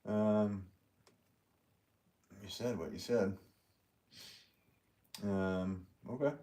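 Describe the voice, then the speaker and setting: A man's voice: on the low side, very slow, warm tone. A man hosting a pottery live stream, chatting casually and reading viewer comments in an easygoing, rambling way that often trails off into a chuckle.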